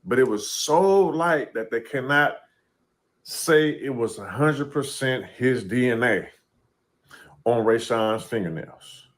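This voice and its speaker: Man, mid-pitched voice, relaxed, conversational, AAVE speech, podcast commentary. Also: takes it slowly. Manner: laid-back, conversational, says "you know what I'm saying".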